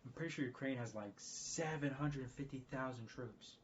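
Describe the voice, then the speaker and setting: A man talking casually on a livestream in a rambling, profane, excitable way. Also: medium pitch, normal speed, slight background noise. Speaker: streamer. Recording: dull lo-fi stream audio.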